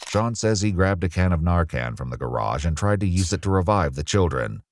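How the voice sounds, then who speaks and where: Very deep-voiced man narrating true crime. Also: big pitch swings, slight background noise. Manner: measured, grave. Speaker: documentary narrator.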